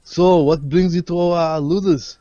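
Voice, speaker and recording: A man's voice: fairly high pitch, steady tone, a little slow, highs cut off, a crowd in the background, close to an everyday voice. A man voicing a big, boisterous and foul-mouthed gladiator master in a tabletop role-play. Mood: gruff. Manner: blunt and profane, boisterous. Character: large, brash, crude male gladiator master.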